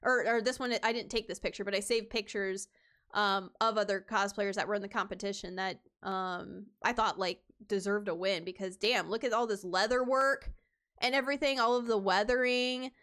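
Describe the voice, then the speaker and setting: A woman's voice: mid-range voice, fairly even intonation, normal speed, fairly bright tone, clean tone. A woman cosplayer chatting casually on her stream, rambling, with many fillers and restarts.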